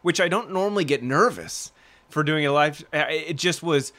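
Bright-voiced man in casual podcast banter. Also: on the high side, moderate pace. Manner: laughing, self-deprecating, rambling with restarts. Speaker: podcast co-host.

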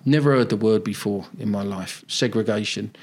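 A man's voice: fairly low pitch, normal speed, darkish tone. An older man with a South London accent, telling his story bluntly and animatedly in a podcast interview. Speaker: football manager guest.

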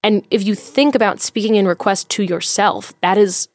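A woman's voice: medium pitch, moderate pace, dry recording. A woman who is a comedian, chatting as a podcast guest in a candid, rambling way with lots of fillers. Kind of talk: casual chat.

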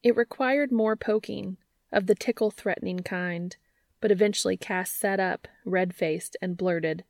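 A woman narrating fiction aloud in an even storytelling manner. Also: mid-range voice, unhurried, no echo, clean studio sound. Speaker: audiobook narrator.

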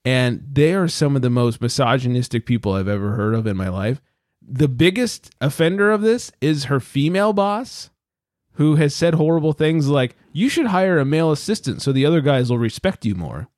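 Animated, foul-mouthed podcast guy. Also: medium pitch, moderate pace, no room sound, clean studio sound. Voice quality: swears freely, animated storytelling. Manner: acts out quotes in raised voices. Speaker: podcast co-host. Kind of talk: casual chat.

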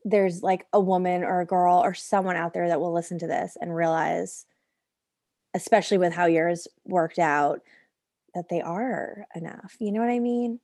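A woman hosting a casual conversation, responding warmly and with empathy, full of restarts and fillers. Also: lowish voice, steady tone, moderate pace, dry recording, clean studio sound. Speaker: host. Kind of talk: casual chat.

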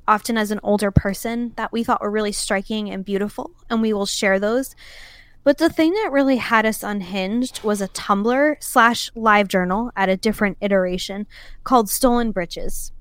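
A woman's voice: medium pitch, clear, resonant tone, no echo. A woman co-hosting a podcast, chatting in an emphatic, amused way. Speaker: podcast co-host. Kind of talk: casual chat.

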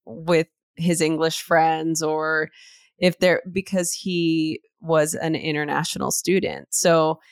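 A woman's voice: deep voice, fairly even intonation, slow, clear, resonant tone, no echo, studio quality. A woman from East Los Angeles, a podcast guest and author, talking earnestly and reflectively in an interview and rephrasing her thoughts as she goes. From East Los Angeles, USA. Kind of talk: conversational interview.

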